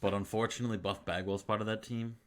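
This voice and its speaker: A man's voice: on the low side, level tone, quick pace. A man co-hosting a wrestling game stream, teasing and joking in casual banter. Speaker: co-host.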